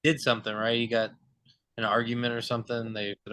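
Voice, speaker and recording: Bright-voiced laid-back young man. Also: mid-range voice, flat delivery, fairly quick. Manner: laid-back, loose, searching for words. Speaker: sports podcast co-host. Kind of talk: casual sports talk.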